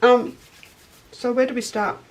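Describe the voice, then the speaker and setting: A woman's voice: on the high side, little pitch movement, a little slow, highs cut off, noisy background. A middle-aged woman hosting a casual live sewing chat, greeting viewers by name as she goes. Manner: chatty, greets viewers by name, eats on air. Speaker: shop owner and livestream host.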